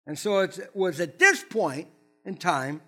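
A pastor giving a sermon in an animated, conversational way, full of asides to the congregation. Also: male voice, high voice, a little slow, soft background music.

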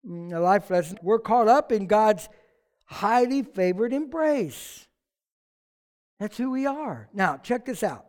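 A preacher from the United States giving a sermon, conversational and animated, with jokes and asides. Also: medium pitch, unhurried. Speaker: pastor.

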